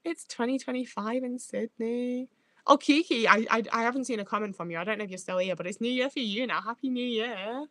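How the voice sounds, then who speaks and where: A woman's voice: on the high side, fast talker, a bit bright, no room sound. A woman livestreaming who reads out chat as she goes. She rambles, swears freely and trips over her own words.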